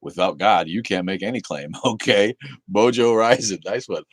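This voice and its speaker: A man's voice: fairly low pitch, normal speed, noisy background. A man hosting a casual livestream, reading chat aloud in a laid-back, easygoing way, cursing casually and laughing often.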